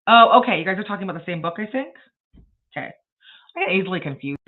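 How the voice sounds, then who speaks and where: A woman's voice: on the low side, expressive, fast talker, narrow, tinny audio. Blunt, rambling woman streamer. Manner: blunt, rambling, laughs often. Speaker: livestream host. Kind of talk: casual livestream chat.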